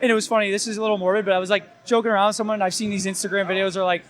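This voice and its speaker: Young man, high tenor, rambling casual interviewee, heavy on filler words. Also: little pitch movement, very fast, fairly bright tone. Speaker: gym owner and new father.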